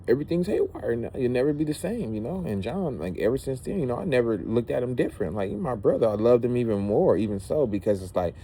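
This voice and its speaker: A man's voice: medium pitch, big pitch swings, fast talker, hardly any pauses, warm tone, a little hiss or hum. A man speaking in an emotional, rambling personal monologue, repeating words for emphasis. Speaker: vlogger.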